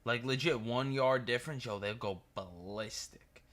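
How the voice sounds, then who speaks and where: A man with a New York accent hosts a casual reaction video, telling rambling, profane stories, laughing through them and restarting often. His voice is mid-range, moderately paced and a bit bright.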